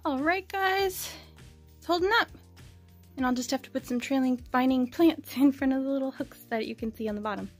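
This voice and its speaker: A woman's voice: high voice, fairly quick, faint music behind. A young woman chatting casually as she builds a plant shelf and shows her houseplants, laughing often as she talks. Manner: chatty and giggly, frequent small laughs. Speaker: plant vlogger. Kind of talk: casual DIY vlog narration.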